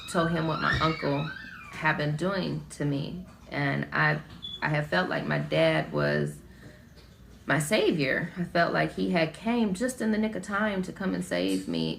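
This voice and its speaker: Low, gravelly woman telling her story. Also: background noise. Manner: halting, informal, with frequent pauses and fillers; emotionally raw, rising high and loud when reliving the scene. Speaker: vlogger recounting her childhood. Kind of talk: personal testimony.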